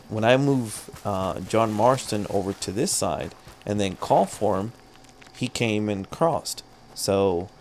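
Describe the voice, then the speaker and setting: A man's voice: fairly low pitch, a little hiss or hum. A man streaming live gameplay, commentating, swearing a lot and laughing at his own frustration. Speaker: gaming streamer.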